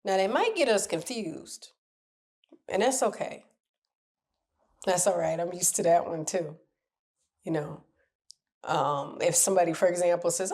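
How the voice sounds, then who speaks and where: A woman's voice: medium pitch, moderate pace, long pauses. A woman coaching on relationships, talking candidly and animatedly to camera in a casual advice chat. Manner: candid, animated, laughs at her own stories.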